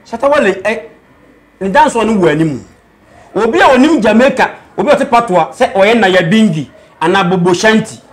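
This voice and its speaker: A Ghanaian man with a noticeably high voice talks animatedly in a casual interview. He mixes English phrases into his talk and slips into Patois-style lines. He comes across as an aspiring rapper explaining his views on music. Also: expressive, a little fast.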